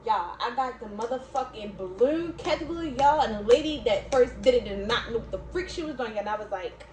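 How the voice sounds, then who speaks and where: A woman's voice: a little high, lively intonation, fairly quick, a little mellow. Chatty young woman vlogger, echoey room. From Baltimore, USA. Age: young adult. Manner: rambling, full of "like" and "y'all", laughs often. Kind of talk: casual chat to viewers. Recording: echoey room, faint background noise.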